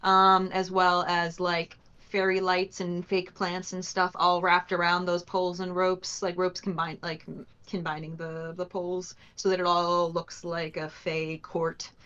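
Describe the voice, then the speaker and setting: Female co-host, chatty and a bit scattered, somewhat low voice, muffled audio. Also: completely flat delivery, unhurried, hardly any pauses, fairly bright tone, clear, resonant tone. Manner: chatty, reads viewer questions, trails off searching for words. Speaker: co-host of a live stream. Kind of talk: casual live-stream chat.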